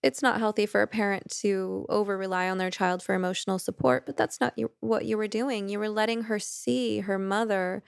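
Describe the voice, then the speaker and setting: A woman, a therapist who hosts a podcast, reflecting on a guest's story in a measured, affirming way. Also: mid-range voice, steady tone, vocal fry, smooth, no echo, clean studio sound. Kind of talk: reflective interview commentary.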